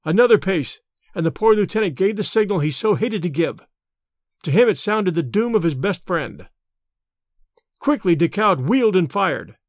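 High-voiced male audiobook narrator. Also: no echo, clean studio sound. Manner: steady, clear storytelling delivery. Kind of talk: scripted narration.

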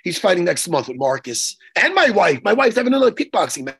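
A middle-aged man, co-hosting an excited, rambling casual chat full of jokes. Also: high-pitched, fast, slightly rough. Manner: animated, rambling, jokey. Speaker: co-host, jiu-jitsu coach.

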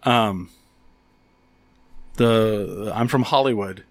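A man's voice: lowish voice, very slow, dry recording. A man co-hosting a casual chat, telling a story with lots of swearing and acted-out quotes. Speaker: podcast co-host.

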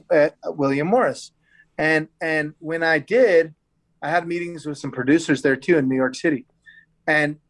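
Laid-back slangy man, a bit high. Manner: rambling storyteller who repeats himself. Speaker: guest storyteller. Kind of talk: casual podcast chat.

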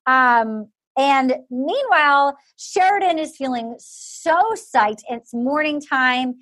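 A woman's voice: sits high, expressive, slow pace, fairly bright tone. A woman co-hosting a podcast, chatting casually and acting out what people said. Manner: chatty, acts out quotes in voices. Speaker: podcast co-host. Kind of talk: casual chat recapping a reality show.

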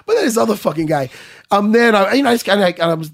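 A man's voice: high voice, expressive, racing, vocal fry. A middle-aged man telling rambling, profane stories in casual chat, stammering and laughing as he goes. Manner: laughs through his stories. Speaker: podcast guest.

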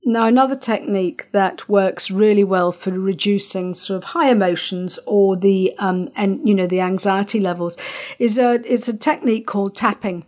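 A middle-aged woman, hosting a parenting podcast and talking gently through a calm breathing exercise, with many fillers and restarts. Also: mid-range voice, normal speed. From Northern Ireland. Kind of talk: calm guided instruction.

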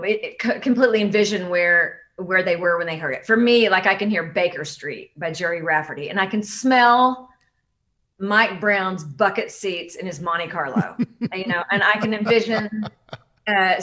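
Bright-voiced middle-aged woman reminiscing. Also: medium pitch. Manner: chatty, reminiscing. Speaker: guest, musician. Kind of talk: casual chat.

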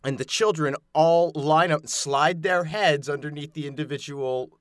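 A man in improvised comedy banter, laying out absurd plans in a deadpan, matter-of-fact way. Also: fairly high pitch, normal speed, clear, resonant tone, dry recording, clean studio sound.

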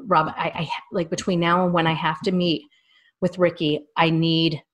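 A woman in her thirties with a somewhat low voice, telling long personal stories as a guest. She rambles and circles back as she talks in an easygoing, conversational way. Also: flat delivery, normal speed, muffled recording. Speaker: small business owner and guest. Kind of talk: casual interview chat.

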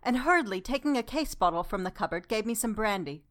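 A woman reading a classic novel aloud as narrator in a calm, measured way. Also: medium pitch. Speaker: audiobook narrator. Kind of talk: scripted literary narration.

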